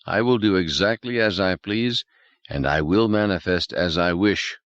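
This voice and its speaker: A man voicing a cold, vengeful alien intelligence that speaks slowly, stiffly and formally. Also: deep voice, fairly bright tone, no echo, dull audio. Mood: menacing. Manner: slow, stiff, formal and menacing.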